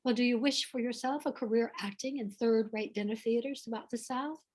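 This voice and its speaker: A woman's voice: on the high side, fairly even intonation, brisk, close to an everyday voice. A woman voicing a pompous, condescending male acting teacher with haughty, over-precise diction.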